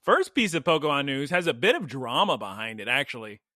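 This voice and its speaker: A young man co-hosting a podcast, telling chatty, excitable stories in casual talk. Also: medium pitch, brisk, dry recording. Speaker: podcast co-host. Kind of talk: casual chat.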